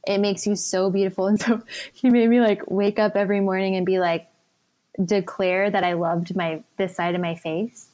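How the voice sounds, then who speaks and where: A woman in her thirties, a podcast guest, telling a candid personal story in a chatty way, full of fillers and soft laughs. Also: mid-range voice, fairly even intonation, moderate pace.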